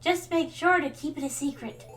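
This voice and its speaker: A woman voicing a sweet, doting old grandmother villager in a video game, speaking gently and slowly. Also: high-pitched, soft background music, pitched above the performer's own voice. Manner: gentle, slow and sugary, calls people dear.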